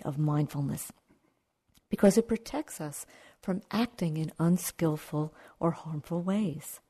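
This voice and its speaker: Woman meditation teacher, low mellow voice, calm, reflective dharma talk. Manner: calm, slow, reflective, with asides to the audience. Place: meditation retreat hall.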